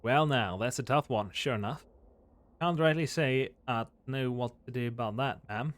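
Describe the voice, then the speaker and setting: A man's voice: mid-range voice, normal speed, close to an everyday voice. Guy doing a sad old cowboy voice, folksy drawl, reading game lines. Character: weary old cowboy man, folksy and lonesome. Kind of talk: voicing game dialogue.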